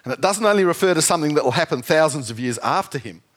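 A man preaching a sermon, lively and jokey, often asking the congregation questions. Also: on the high side, fast. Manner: lively, asks the audience questions, jokey asides.

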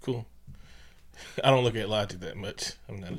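A man's voice: on the low side, measured pace. Laid-back profane man riffing on a movie. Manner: loose, profane, laughing, animated impressions. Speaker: podcast co-host. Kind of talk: casual movie commentary chat.

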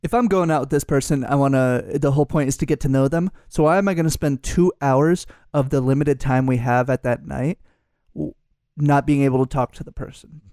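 A man's voice: mid-range voice, fairly even intonation, brisk, a little mellow, no room sound, studio quality. A man co-hosting a podcast, chatting casually with sarcastic, profane jokes. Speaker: podcast co-host. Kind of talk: casual chat.

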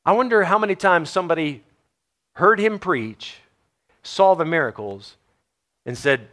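Texan preacher man, pitched high. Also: measured pace, long pauses. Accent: Texan American. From Texas. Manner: animated, swings from quiet to loud and laughs often. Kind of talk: sermon.

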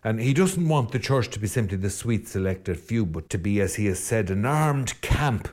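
Earnest lower-voiced Irish priest. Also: male voice, a little fast, darkish tone. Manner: earnest, rambling, with self-deprecating asides. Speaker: Catholic priest. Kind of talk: podcast reflection.

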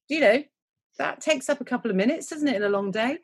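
A woman's voice: sits high, quick pace, husky. A woman co-hosting a podcast, recapping a TV episode in casual, rambling chat, joking and trailing off mid-word. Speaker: podcast co-host.

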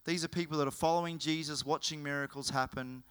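A man preaching a sermon, telling the story in an animated way and often correcting himself mid-sentence. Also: fairly high pitch, quick pace, clean tone. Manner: animated, with frequent self-corrections.

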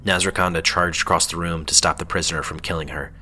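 A man narrating a fantasy story in a measured, steady storytelling manner. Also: sits low, a little hiss or hum.

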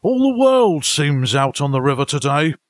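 A man's voice: a little high, sing-song, moderate pace, dry recording, studio quality. A man voicing a jovial, sociable male otter in a storybook reading, in a hearty, chuckling way. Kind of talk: storybook voice acting.

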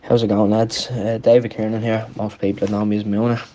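A man's voice: on the low side, level tone, fairly quick, warm tone, lo-fi sound, slight background noise. A young man telling stories casually, rambling with lots of ums. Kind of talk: casual storytelling chat.

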